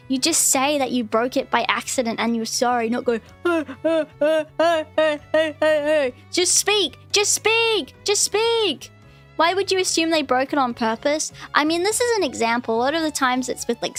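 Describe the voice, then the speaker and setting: A young woman streamer ranting casually, swearing often and mocking people in exaggerated voices. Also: high-pitched. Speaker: VTuber streamer.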